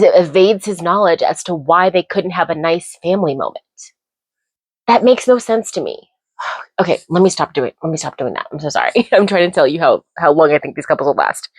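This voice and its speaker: A young woman talks casually at bedtime in a lowish voice. She is chatty and opinionated and gets heated when she rants. The sound is close and dry, with no room around it. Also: animated, fairly quick, dry recording. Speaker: vlogger.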